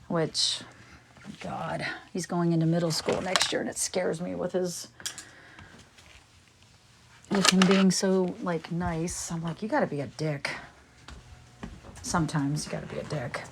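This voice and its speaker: A woman's voice: on the low side, steady tone, unhurried, creaky, pauses often, noisy background. A woman in her forties chatting casually on a livestream while cleaning her house, a little out of breath and rambling from story to story. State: slightly out of breath. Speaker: livestream host. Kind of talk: casual chat. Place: home, walking around while cleaning. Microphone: phone, camera off.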